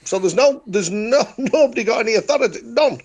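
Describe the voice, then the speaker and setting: A man's voice: very high voice, animated, brisk. A man with a Yorkshire accent talking in casual chat, making blunt, repeated declarations. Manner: emphatic, repetitive, declaring.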